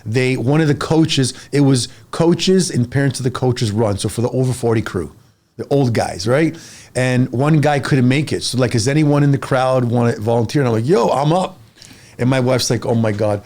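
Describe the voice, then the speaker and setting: At normal speed and in a mid-range voice, a man in his forties who coaches fitness chats casually on a podcast. His energetic, blunt style pushes listeners with strong, emphatic advice.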